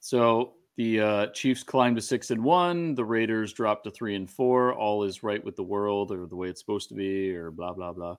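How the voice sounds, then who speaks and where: A man hosts a casual football podcast and chats with his co-host. He keeps the talk loose and cuts in with quick, teasing jabs. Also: fairly low pitch, fairly even intonation, smooth. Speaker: podcast host, Raiders fan. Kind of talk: casual sports podcast chat.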